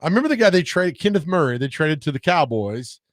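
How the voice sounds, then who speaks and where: A man with a slightly higher voice co-hosts a sports radio show in a casual, bantering way. He jokes constantly and keeps breaking into quick mock impressions of other people. His voice is close and dry, recorded on a studio microphone with no room sound. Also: big pitch swings, no echo. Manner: joking, slips into quick mocking impressions.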